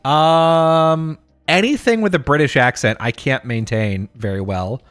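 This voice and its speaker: A man's voice: fairly high pitch, measured pace, fairly bright tone. A man co-hosting a podcast, chatting casually in a rambling, self-deprecating way. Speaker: podcast co-host. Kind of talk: casual chat.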